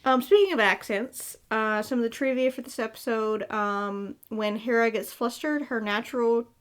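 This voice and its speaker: A Southern woman co-hosting a fan podcast, her voice sitting a little high. She talks in a relaxed, hesitant way, with many fillers, as she walks through trivia and recaps. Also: normal speed, clean tone. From American South. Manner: hesitant, filler-heavy, recaps episode notes. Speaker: podcast co-host. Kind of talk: casual chat.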